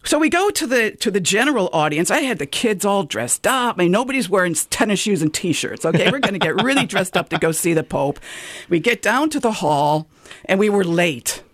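A woman guest telling a personal story on a talk show, animated and quoting herself often. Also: mid-range voice, brisk, no echo. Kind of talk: casual anecdote on talk radio.

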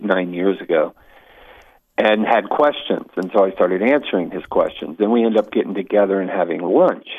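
A man, a Catholic apologist, telling stories as a guest on a radio interview, full of restarts and asides. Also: low voice. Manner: animated storyteller with many restarts. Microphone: phone call into radio show. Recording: tinny phone line.

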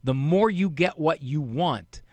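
A middle-aged man hosting a radio advice show, talking in a casual, animated, folksy way. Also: fairly high pitch, unhurried, dry recording. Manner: animated, folksy, acts out parents' quotes. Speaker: radio show host and psychologist.

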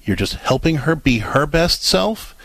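A man's voice: a little high, big pitch swings, a bit bright, no echo, poor audio. A man hosting a call-in advice show on radio, speaking earnestly and restarting his sentences often. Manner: earnest, halting with many restarts. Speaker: radio host and counselor.

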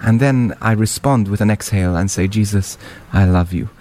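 A man who is a Catholic priest, talking in a panel discussion in a halting, earnest way with many restarts. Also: lowish voice, dark tone. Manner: halting, repeats words, earnest.

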